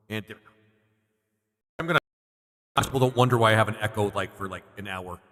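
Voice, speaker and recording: A man's voice: medium pitch, sharp tone. A man streaming a video game, rambling and laughing in casual commentary. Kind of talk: casual let's-play commentary. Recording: roomy reverb with game music.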